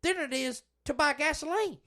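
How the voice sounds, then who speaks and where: A man voicing a loud drawling male Southern politician with a put-on Louisiana twang, high and shouting. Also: moderate pace. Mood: boastful.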